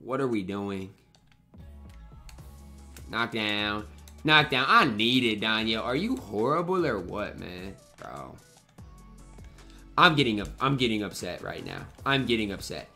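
A man's voice: on the low side, sing-song, a little slow, long pauses, sharp tone, faint music behind. Slangy young man venting over gameplay. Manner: frustrated, trash-talking, slangy. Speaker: gaming YouTuber. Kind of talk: live gameplay commentary.

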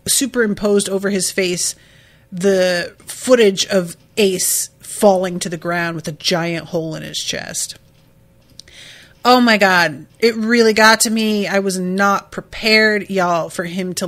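A woman's voice: mid-range voice, fairly bright tone. A woman hosting a podcast who recaps an episode in a casual, emotional, chatty way, swearing now and then. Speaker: podcast host.

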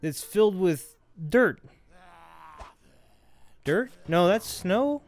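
A man giving casual let's-play commentary over a game, rambling, joking and getting excited as he plays. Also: sits high, extremely slow, soft background music. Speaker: gameplay commentator.

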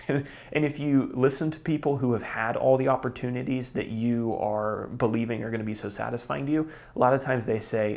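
Young male Bible teacher, relaxed and conversational, slight vocal fry. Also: mid-range voice, moderate pace. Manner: relaxed, chatty, with small laughs and restarts. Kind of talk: casual Bible study video.

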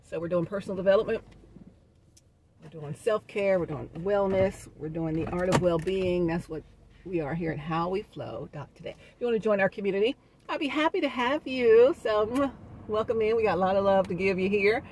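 A woman's voice: mid-range voice, a little fast, a little mellow, a little hiss or hum. A woman giving a casual, encouraging motivational talk to her viewers as a wellness vlogger. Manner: upbeat, encouraging, sings snippets and laughs.

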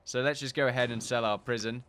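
A young man giving casual, joking commentary while playing games, chatty and quick to swear and laugh. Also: mid-range voice, fairly even intonation, a bit bright, a little hiss or hum. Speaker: gaming YouTuber. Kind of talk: casual let's-play commentary.

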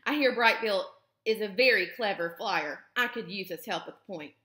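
A woman's voice: mid-range voice, normal speed, bright, forceful tone, close to an everyday voice. Commanding big lead goose, as a woman puts him on. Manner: announcing, authoritative. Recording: roomy echo.

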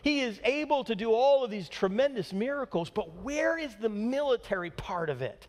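A male pastor preaching a sermon, animated and peppering the congregation with rhetorical questions. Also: high voice, normal speed, hardly any pauses. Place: church sanctuary. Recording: long church hall reverb.

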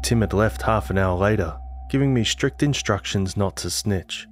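A man giving a scripted narration of a horror story in a measured storytelling manner. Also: lowish voice. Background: music.

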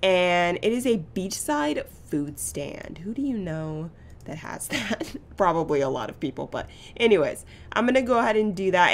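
A woman giving casual gameplay commentary as a channel host, chatty and gushing with excitement. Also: mid-range voice. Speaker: gaming YouTuber.

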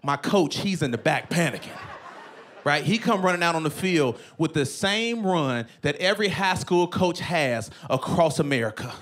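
A man doing stand-up comedy in an animated way, often breaking into shouts and laughter. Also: fairly high pitch, moderate pace.

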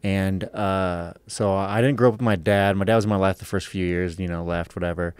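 Speaking briskly in a low-pitched, a little mellow voice, this man keeps his intonation fairly even; the tone is clear and resonant on a dry recording. He's from Los Angeles, USA, a podcast guest telling casual, profane, rambling stories peppered with "right?".

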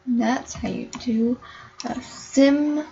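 Young woman, high voice, slow unhurried talk, chatty gameplay commentary, dull lo-fi sound. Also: fairly even intonation, vocal fry, warm tone. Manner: chatty, voices the game characters playfully. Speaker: gameplay vlogger. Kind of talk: casual life-sim gameplay commentary. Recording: dull lo-fi home recording.

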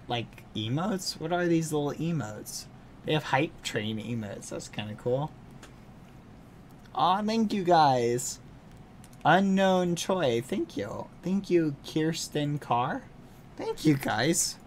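A man's voice: a little high, slight background noise. A man streaming a video game, chatting playfully with his viewers and breaking into sudden gushing squeals. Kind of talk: live game stream chat.

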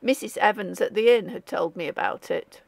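A woman's voice: mid-range voice, normal speed, creaky, no room sound. A woman voicing an eager, ringing-voiced young artist. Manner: impatient, excited.

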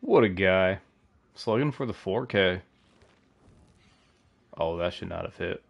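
A young man with a low, gravelly voice full of vocal fry, trading crude, laughing banter with a friend mid-game. He speaks through a headset over voice chat. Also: animated, slow, dull audio. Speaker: co-player. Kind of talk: casual gaming chat.

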